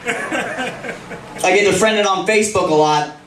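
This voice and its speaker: Young man, stand-up comic, crude self-mocking jokes, fairly high voice, heard from a distance in a laughing crowd. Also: expressive, slow pace. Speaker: stand-up comedian. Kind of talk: stand-up comedy set. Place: comedy club stage. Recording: roomy club, distant mic, audience laughing. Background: audience laughter.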